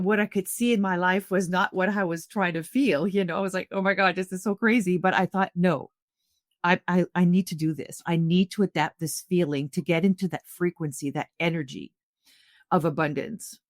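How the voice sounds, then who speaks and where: On a podcast, a middle-aged Canadian guest conversationally tells her own story in a slightly low voice at a normal pace. She sounds earnest and animated, with many restarts. The recording is dry, close, and free of echo.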